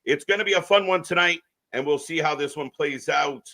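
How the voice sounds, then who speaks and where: A man's voice: a little high, a little fast, bright, forceful tone. A man co-hosting a live wrestling watch-along stream, giving opinionated, rambling takes with frequent restarts.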